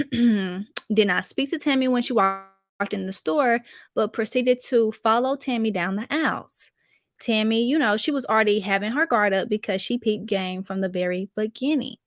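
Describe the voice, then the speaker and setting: A woman's voice: medium pitch, no echo, clean studio sound. Chatty woman hosting a live stream. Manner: chatty, addresses viewers in chat by name. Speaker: commentary channel host. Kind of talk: casual live-stream chat.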